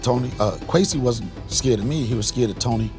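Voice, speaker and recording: A man from the Washington, D.C. area hosting a podcast, telling a comic story with loud punchlines and bursts of laughter. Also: medium pitch, brisk, music in the background. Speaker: podcast host, comedian.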